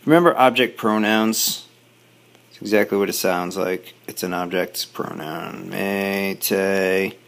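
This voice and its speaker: Low gravelly-voiced male teacher explaining patiently. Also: a bit bright. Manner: patient, explaining step by step with quick asides. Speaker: high school Spanish teacher. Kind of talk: recorded video lesson.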